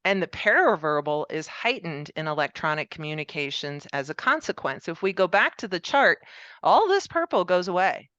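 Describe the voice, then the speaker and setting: A woman with a lower, smooth, clear voice gives a pre-recorded conference presentation. She explains her points steadily, with the odd "um" along the way. The sound is dry and a little dull. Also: sing-song, normal speed, a bit bright, no room sound.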